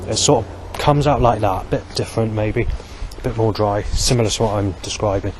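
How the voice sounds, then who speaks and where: Low-voiced man rambling outdoors. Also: a little fast, a little mellow. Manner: meandering, frequent restarts and swearing. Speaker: vlogger. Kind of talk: rambling monologue. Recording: outdoor street and traffic noise.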